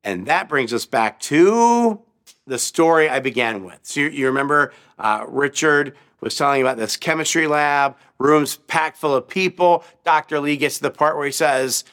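A man's voice: on the high side, animated, moderate pace, a bit bright. Man preaching a story-driven sermon. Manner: storytelling, acting out quoted voices with rising emphasis. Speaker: pastor.

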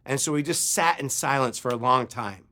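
In a church, a pastor delivers a sermon at medium pitch and normal speed. He tells a story in an animated way, acting out the characters and performing their shouts.

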